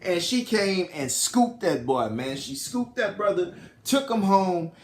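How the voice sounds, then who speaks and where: Male film reviewer, lively slangy storyteller, a bit high-pitched, echoey room. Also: unhurried. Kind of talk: casual film recap. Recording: roomy echo.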